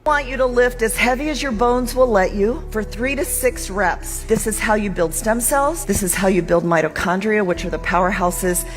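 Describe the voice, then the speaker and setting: A woman's voice: medium pitch, normal speed, hardly any pauses. A woman giving fitness advice in a direct, instructive way. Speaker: fitness speaker in a played clip. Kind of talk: instructional talk. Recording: clip with music behind.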